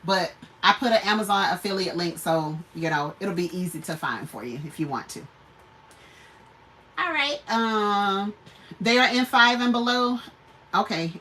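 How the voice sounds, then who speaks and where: A woman's voice: mid-range voice, lively intonation, unhurried, bright, forceful tone, recorded from a distance, a little hiss or hum, low-quality recording. A woman hosting a homestead channel, chatting casually on a livestream, laughing often and greeting viewers.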